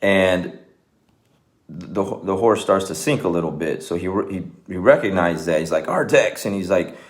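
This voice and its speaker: A man's voice: sits low, steady tone, normal speed. A man, a martial arts coach, talking casually and earnestly to his viewers, rambling with many fillers and restarts. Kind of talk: casual talk to camera.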